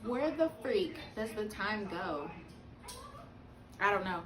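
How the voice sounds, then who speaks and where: A woman vlogging at home as a new mother, gushing and animated, talking loudly and drifting into baby talk. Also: medium pitch, slow pace, crowd noise. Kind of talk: casual home vlog.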